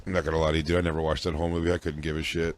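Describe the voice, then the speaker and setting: A man co-hosting a podcast, blunt and quick to laugh in crude comedy banter. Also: extremely low pitch, level tone, a little hiss or hum. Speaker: podcast co-host.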